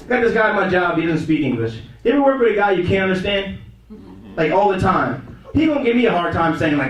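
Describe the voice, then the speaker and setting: A stand-up comedian with a high, light voice, talking loosely and casually to a small club crowd. He is heard from far off in a very echoey room. He drifts between his own voice and quick impressions. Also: very animated, highs cut off. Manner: laid-back, conversational, slips into quick impressions. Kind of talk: stand-up set. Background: audience laughter.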